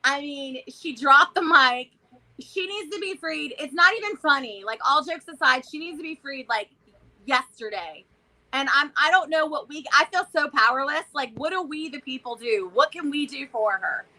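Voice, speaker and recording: Bright high-voiced Southern woman chatting. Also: moderate pace, rough recording. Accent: Southern American. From American South. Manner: animated, chatty, loud exclamations and laughs. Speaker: vlog co-host. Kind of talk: casual chat.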